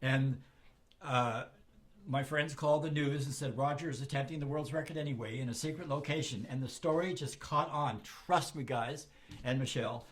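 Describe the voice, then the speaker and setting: An older man from Southern California casually telling a personal anecdote, acting out other people's lines in lively voices. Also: medium pitch, normal speed. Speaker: storyteller.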